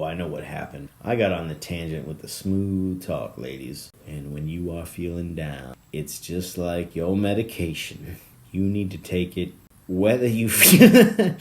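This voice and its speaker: Deep-voiced rambling man, profane and laughing. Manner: swings from low mumbles to loud laughing bursts, profane and tangent-prone. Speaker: podcast host. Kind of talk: rambling comedic monologue.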